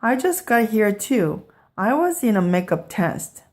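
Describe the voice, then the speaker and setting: A woman's voice: medium pitch, very animated, a little slow, a little mellow, voice pushed up. A woman voicing a patient, kind female schoolteacher in a children's storybook read-aloud.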